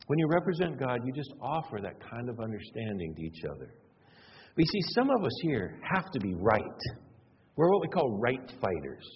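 A man's voice: medium pitch, huge pitch swings, normal speed, slight background noise. A middle-aged man preaching a sermon, telling family stories in a conversational, self-deprecating way and often repeating words for emphasis. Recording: dull sound with long hall reverb.

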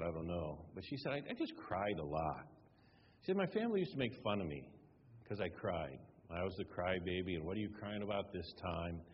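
A man's voice: fairly low pitch, a little hiss or hum. A man preaching a sermon as pastor, telling stories in a conversational way and acting out the dialogue. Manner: conversational, retelling dialogue with varied emphasis. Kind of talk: sermon with storytelling. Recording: dull sound with long hall reverb.

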